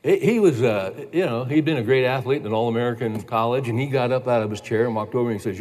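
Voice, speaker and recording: A man's voice: medium pitch, fast talker, few pauses, a little mellow. A man teaching a sermon, conversational and emphatic, telling a personal story and repeating key phrases. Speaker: pastor. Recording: reverberant hall.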